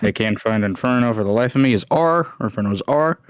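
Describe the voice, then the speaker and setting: A man's voice: mid-range voice, animated, brisk, clear, resonant tone, no room sound, clean studio sound. A man hosting a watch-along stream, chatting casually and laughing often. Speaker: stream host.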